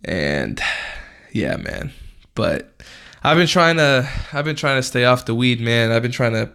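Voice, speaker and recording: A man's voice: medium pitch, lively intonation, unhurried, gravelly, fairly bright tone, clear, resonant tone. A young man hosting a podcast, telling a story in a casual, laid-back way, full of slang and swearing. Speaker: podcast host.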